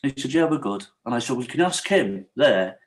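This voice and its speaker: A man's voice: medium pitch, lively intonation, brisk, poor audio. A man, a podcast guest, telling a true story in a casual interview and acting out the quoted dialogue.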